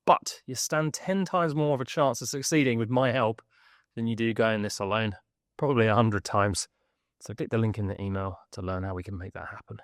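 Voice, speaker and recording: A man hosts a podcast, reading his newsletter email aloud. He talks in a lively way, breaking off for jokey asides and laughs. His voice sits at a middle pitch, and the recording is dry and close. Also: dry recording. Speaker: host.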